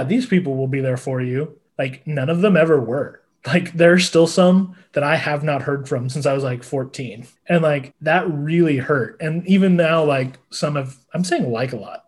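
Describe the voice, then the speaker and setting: A man's voice: a little high, a little mellow. A man co-hosting a podcast, talking casually with lots of fillers and light laughter. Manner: rambling, many fillers and laughs. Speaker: podcast co-host. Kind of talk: casual chat.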